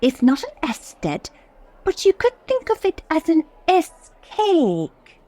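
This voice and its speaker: A woman playing a fretful, scheming middle-aged wife in a radio sitcom, excitable and fussy. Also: extremely high pitch, slow, no echo, exaggerated voice. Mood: fussing.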